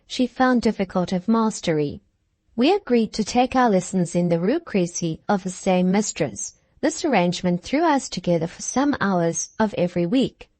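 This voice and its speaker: A woman narrating a classic novel in the first person, measured and even. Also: medium pitch, no echo. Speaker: audiobook narrator.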